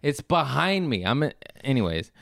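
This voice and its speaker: A man's voice: mid-range voice, sing-song, unhurried, vocal fry, fairly bright tone, no room sound, studio quality. A man in his thirties telling a rambling, profane story in a casual chat, laughing often and restarting his sentences. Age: 30s. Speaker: podcast host. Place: Los Angeles.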